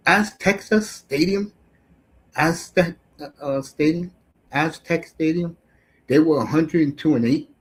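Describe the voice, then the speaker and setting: A man's voice: medium pitch, rough recording. Brash profane middle-aged man ranting. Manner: brash, profane, swinging between shouts and mutters. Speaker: sports talk show host. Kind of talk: casual sports rant.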